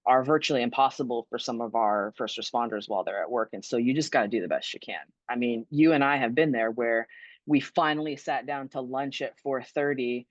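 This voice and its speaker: This woman's voice is extremely low in pitch and a little fast, with no echo. A guest speaker and former fire battalion chief, she fields webinar questions in an earnest, conversational manner, often restarting and saying um, on dull, dry lo-fi audio.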